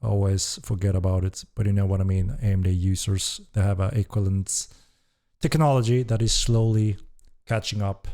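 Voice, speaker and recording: A man hosting a casual live-stream Q&A as a game developer, reading chat questions aloud with relaxed, hesitant speech and casual swearing. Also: fairly low pitch, moderate pace.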